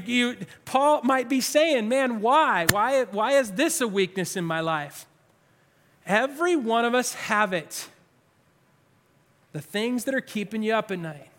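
A man's voice: sits high, a bit bright. A male pastor preaching a sermon with passion, stressing and repeating his words. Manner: impassioned, emphatic, repeats phrases. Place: church sanctuary. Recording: long reverb of a large hall.

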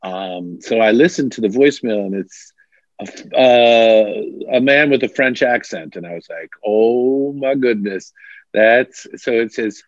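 A man, a bishop, telling stories as an interview guest, animated and self-mocking, laughing often. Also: mid-range voice, unhurried, dry recording. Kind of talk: casual storytelling in an interview. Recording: dry, dull lo-fi sound.

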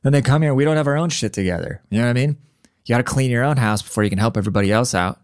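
A man's voice: mid-range voice, very fast, clear, resonant tone, no echo, studio quality. A man hosting his own podcast, ranting bluntly and profanely in casual commentary. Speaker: podcast host.

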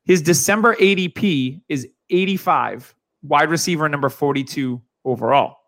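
Higher-voiced man hosting a quiz. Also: moderate pace, fairly bright tone. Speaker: podcast host running a quiz segment. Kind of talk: casual podcast hosting.

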